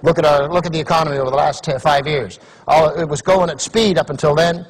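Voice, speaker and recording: A middle-aged Canadian motivational speaker delivers a funny keynote, speaking quickly in a fairly high, breathy-edged voice. He tells stories with lots of animation and acts out other people's voices.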